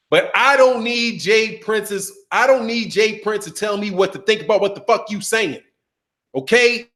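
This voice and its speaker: A man's voice: high-pitched, sharp tone. A man hosting a boxing channel, ranting in casual commentary with profanity and mocking impressions.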